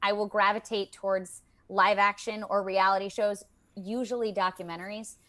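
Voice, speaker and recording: A woman voice actor chatting as a guest in a remote interview, animated and emotional, often restarting her sentences. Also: medium pitch, moderate pace. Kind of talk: casual interview chat. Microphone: video call.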